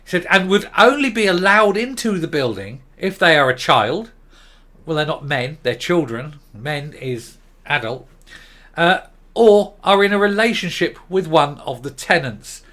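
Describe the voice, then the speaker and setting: A man's voice: a little high, animated, measured pace, fairly bright tone. Exasperated sarcastic English man. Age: middle-aged. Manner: exasperated and sarcastic, with stumbling restarts. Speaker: commentary vlogger. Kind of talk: opinion rant.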